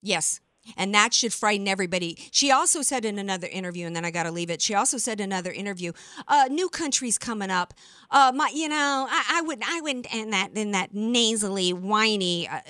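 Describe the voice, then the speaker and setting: A woman hosting talk radio, speaking with fired-up emphasis and frequent restarts, close and dry on a studio microphone. Her voice sits in a middle pitch, and she pushes hard on her points. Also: fairly bright tone, dry recording. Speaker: radio talk show host. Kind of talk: opinionated political talk radio.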